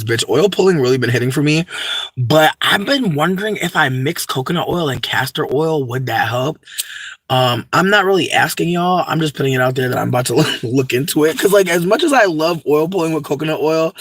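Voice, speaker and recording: A man's voice: mid-range voice, fairly bright tone, breathy edge, dry recording. A young man, rambling in a profane, campy, unscripted vlog monologue full of asides. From United States. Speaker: vlogger.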